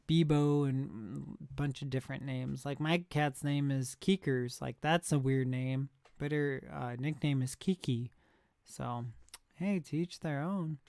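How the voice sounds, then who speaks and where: Young guy rambling on his stream, slow and smooth, dry close mic. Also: fairly high pitch, darkish tone, no room sound. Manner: rambling, chatty, laughs at himself. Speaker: live streamer. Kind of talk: casual chat reacting to chat.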